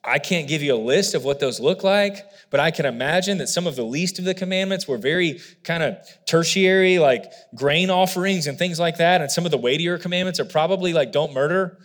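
A man preaching a sermon, explaining scripture earnestly and emphatically, with frequent asides to the congregation. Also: on the high side. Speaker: pastor. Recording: long hall reverb.

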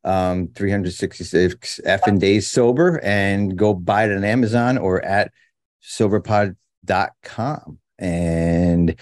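A man's voice: low-pitched, slow, no room sound. Jokey male podcast host, dry sound. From New Jersey. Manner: jokey, laughs often. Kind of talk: casual chat.

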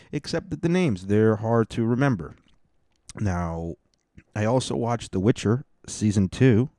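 A man's voice: lowish voice, dark tone, dry recording, studio quality. A man hosting a casual monologue, rambling and swearing through mock rants. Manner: rambling, profane, mock-ranting.

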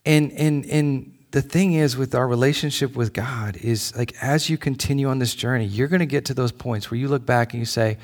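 A middle-aged man, a pastor, preaching a conversational sermon in a church, swinging between loud pleas and soft asides. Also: medium pitch, animated, normal speed.

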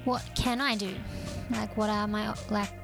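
Gravelly-voiced woman player. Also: mid-range voice, steady tone, unhurried, over music. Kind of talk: playing a tabletop game.

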